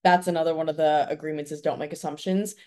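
A woman's voice: sits low, steady tone, fast, mellow. A woman in her twenties from Canada, a podcast guest speaking earnestly in casual conversation and giving advice with plenty of fillers. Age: 20s.

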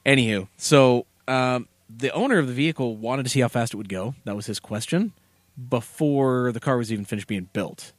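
A man's voice: medium pitch, a little fast, no echo. A man co-hosting a casual car podcast, rambling through stories with lots of fillers, recorded in a basement studio. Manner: rambling, filler-heavy storytelling. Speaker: podcast co-host.

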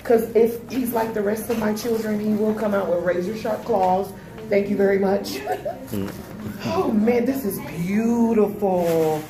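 Her voice sits at a medium pitch and moves unhurriedly. She is a woman in her thirties, the guest of honor unwrapping presents at an indoor party, laughing often and gushing in easygoing conversation. Loud background noise fills the echoey room.

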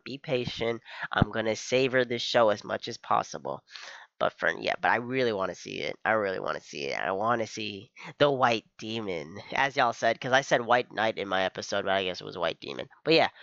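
A young man casually reacting to an anime episode as the host, excitable and peppering his talk with "bro". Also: mid-range voice, clear, resonant tone, no room sound, highs cut off. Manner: excitable, keeps saying "bro".

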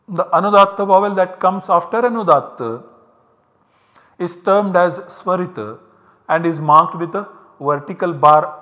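Male lecturer, bright and fairly high voice, explains step by step. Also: dull audio. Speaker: university lecturer. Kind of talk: recorded academic lecture. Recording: long hall reverb.

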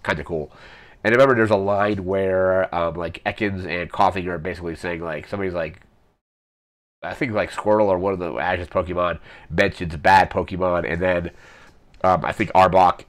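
A man's voice: sits low, a bit bright. A man hosting a retro show, recapping episodes in a casual, rambling way with many ums and self-corrections. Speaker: podcast host.

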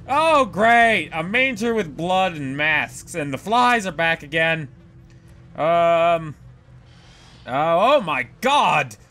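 A man doing horror game commentary, jumpy and swearing, swinging between loud yelps and low muttering. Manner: jumpy, loud exclamations and cursing. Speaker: gaming YouTuber.

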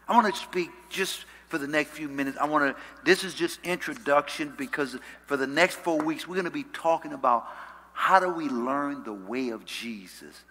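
A man preaching a sermon as pastor. He uses call-and-response and swings from loud, rising calls to soft, low passages. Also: normal speed. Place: church sanctuary. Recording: church hall reverb.

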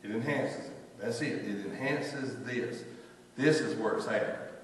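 A man's voice: mid-range voice, a little slow, slight background noise. A man, preaching an informal, conversational sermon full of storytelling asides in a church. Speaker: pastor. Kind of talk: informal sermon at a weeknight service. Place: church sanctuary. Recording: echoey church hall, mic from far off.

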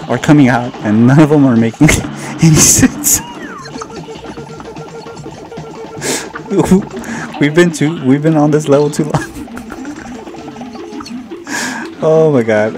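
A man casually commenting on his own gameplay, joking at himself and repeating words as he plays. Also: mid-range voice. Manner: jokey, self-mocking, repeats words. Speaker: gaming channel host. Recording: game music playing behind.

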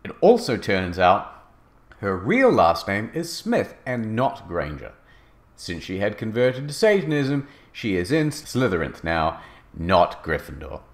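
A man's voice: lowish voice, sing-song, a little slow. A man narrating in a comedic dramatic reading with an exaggerated, mock-earnest delivery.

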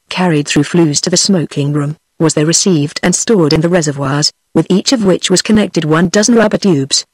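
Tts british lady reading an audiobook, steady, dry close sound. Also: on the low side, breathy edge, no echo. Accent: British English. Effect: text-to-speech voice. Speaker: audiobook narrator. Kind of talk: scripted narration.

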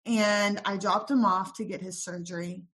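A young woman tells her own story in a podcast interview. Her voice sits at a middle pitch, soft and halting, full of pauses and ums as she quotes what people said to her. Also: steady tone. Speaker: interview guest.

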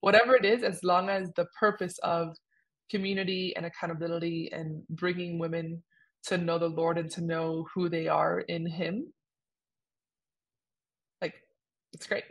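A woman's voice: lowish voice, moderate pace, long pauses. A young woman co-hosting a podcast, talking casually and animatedly with lots of fillers. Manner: animated, chatty, many fillers. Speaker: podcast co-host. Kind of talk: casual conversation.

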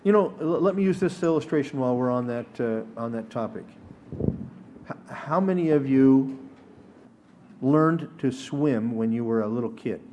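A man's voice: mid-range voice, expressive, moderate pace, dark tone, a little hiss or hum. A man teaching a sermon at a synagogue service, earnest and emphatic, sometimes rising to exhortation. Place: synagogue sanctuary.

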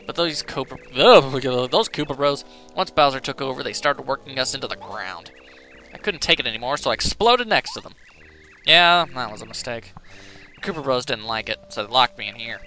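A man voicing a perky, strong-willed young female Bob-omb in a video game, raised in pitch and chirpy. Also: expressive, brisk, pushed and bright, soft background music. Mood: fed up.

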